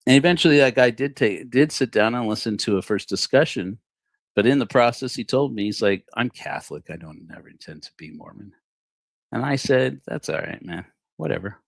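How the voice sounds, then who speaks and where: A man in his forties telling a personal story on a livestream, acting out the dialogue with animated shifts in his voice. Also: mid-range voice, a little fast, vocal fry, no room sound, studio quality. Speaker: livestream host.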